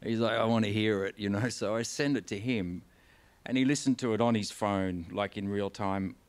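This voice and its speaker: An Australian man with a somewhat low voice tells his stories on stage. He rambles and restarts often, swears casually, and sounds candid and unpolished, as in a live conversation in front of an audience. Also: normal speed. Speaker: guest author. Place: stage of a concert venue.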